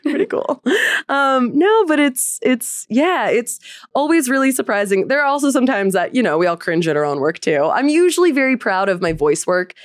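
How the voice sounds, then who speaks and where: A woman's voice: on the high side, big pitch swings, no room sound, studio quality. A young adult woman being interviewed about voice acting, talking in a bubbly way with frequent laughs. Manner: bubbly, laughs often, quick asides. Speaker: voice actress guest. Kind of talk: casual interview chat.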